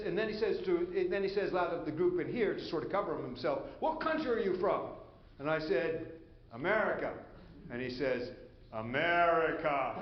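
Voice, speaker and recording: Brief: middle-aged pastor, raised-pitch voice, conversational sermon storyteller, roomy church echo, slightly dull audio. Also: male voice, a little hiss or hum. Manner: storytelling, acts out quoted voices, conversational asides.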